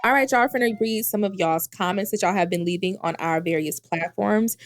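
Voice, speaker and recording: A woman's voice: medium pitch, brisk, slight background noise. Laughing, slangy woman podcast co-host. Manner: playful, laughs often, slangy. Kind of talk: casual podcast chat.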